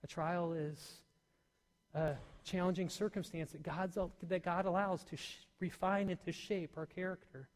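A male pastor preaching a sermon in a church, swinging between loud emphatic peaks and soft near-whispers. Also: high voice, steady tone, normal speed. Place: church hall. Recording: long hall reverb.

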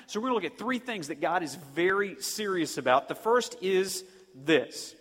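A man preaching a sermon as pastor, with dynamic delivery that slows down to punch key words. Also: sits high, expressive, fairly bright tone. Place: church sanctuary. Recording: long reverb of a church hall.

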